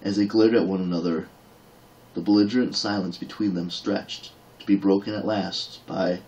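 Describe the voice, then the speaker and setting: A man's voice: low voice, fairly even intonation, moderate pace, darkish tone, muffled recording. A man reading a fantasy novel aloud as an audiobook narrator, dramatic in action scenes.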